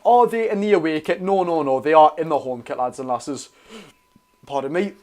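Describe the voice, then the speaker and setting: A young man with a Geordie accent doing a live football watch-along, chatting to viewers and calling the play excitably. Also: a little high, normal speed. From North East England. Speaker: football fan streamer.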